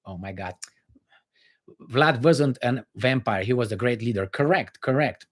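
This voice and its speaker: Brief: male streamer, blunt and opinionated, lots of ums and restarts, mid-pitched voice. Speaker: livestream host reading viewer comments. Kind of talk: casual livestream chat.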